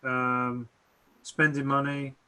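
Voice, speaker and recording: A man's voice: mid-range voice, completely flat delivery, takes it slowly, sharp tone, slight background noise. A man chatting casually as a guest, easygoing but hesitant, often repeating words as he searches for them. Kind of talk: casual online chat.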